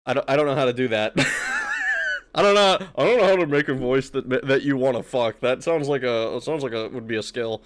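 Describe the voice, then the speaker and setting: A man's voice: mid-range voice, wildly swooping pitch, moderate pace, fairly bright tone. A man streaming a video game who talks casually, swears often and laughs a lot. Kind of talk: let's play commentary.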